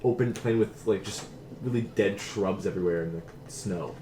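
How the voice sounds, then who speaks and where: A man running a tabletop game as game master, talking in a loose, halting way full of fillers. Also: lowish voice, warm tone. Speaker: dungeon master. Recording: echoey room, faint noise.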